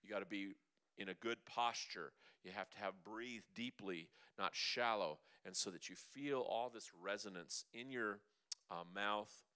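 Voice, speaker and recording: Leading breathing and humming exercises for a group in a church hall, this upbeat vocal coach encourages the participants and demonstrates the sounds himself. He speaks a little slowly in a lowish voice that is pushed and bright, clear, and resonant.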